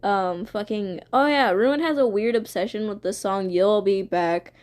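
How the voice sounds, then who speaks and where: A woman's voice: medium pitch, animated, normal speed. A young woman streamer casually retelling her own fan story, rambling, swearing freely and giggling.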